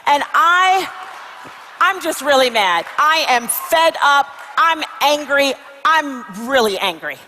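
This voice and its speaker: A woman plays a weary traveler who talks in halting, confessional bursts of self-doubt. Her voice is high and bright, and a long reverb trails after it in this motivational comedy skit. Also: animated, slight background noise, full character voice. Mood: hesitant.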